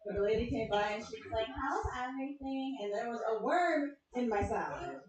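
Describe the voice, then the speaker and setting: A woman performing a deadpan, self-deprecating stand-up set on a comedy club stage, asking the crowd questions between jokes. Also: on the high side, fairly quick. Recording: echoey club room from far off, crowd laughter. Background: audience laughing.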